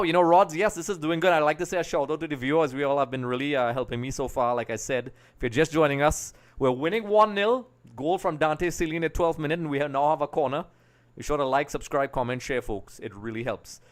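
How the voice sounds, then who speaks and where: A man's voice: a little high, brisk. Chatty man hosting a live watch-along. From Trinidad and Tobago. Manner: chatty, greets viewers by name, excitable over goals. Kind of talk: live match reaction stream.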